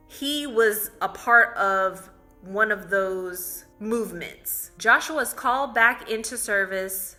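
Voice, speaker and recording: A woman's voice: mid-range voice, bright, forceful tone. A woman casually retelling a film's plot as a movie reviewer, chatty and full of "like"s. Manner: chatty storytelling with many "like"s. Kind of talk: casual spoken film recap.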